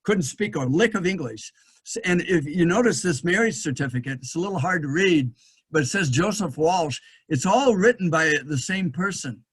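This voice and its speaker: Brief: middle-aged male lecturer, voice a touch high, halting delivery with many ums and restarts. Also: expressive, husky. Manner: thinking aloud, frequent fillers and restarts. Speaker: historian giving a lecture. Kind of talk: lecture presentation with slides.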